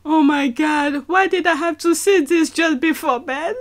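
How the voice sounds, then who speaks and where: A woman talks through a funny clip in a slow, unhurried way, her voice sitting high. She keeps dissolving into helpless laughter as she goes. It is a casual, late-night reaction commentary. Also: a little hiss or hum.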